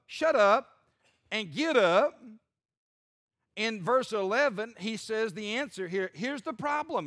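A male preacher with a high, bright, forceful voice delivers an animated sermon. He breaks into humorous asides, and the sound is dry and close. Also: no room sound. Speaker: pastor.

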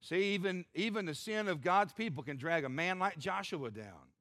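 A male pastor preaching a sermon, animated and breaking into humorous asides. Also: sits high, moderate pace, dry recording.

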